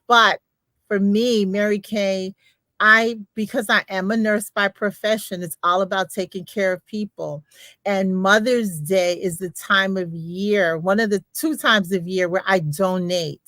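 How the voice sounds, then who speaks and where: An older woman, a grandmother and beauty consultant, chatting on a livestream in an animated, emphatic storytelling manner. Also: medium pitch, a little slow, dry recording. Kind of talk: livestream testimonial chat.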